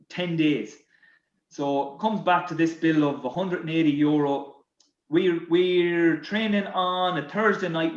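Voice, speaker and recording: A man and former footballer tells stories as a podcast guest, a little high in pitch and lively. He stumbles and repeats himself as he builds each tale. The room sounds roomy, and the recording slightly dull. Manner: animated, repeats words, laughs at his own stories. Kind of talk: anecdotal storytelling.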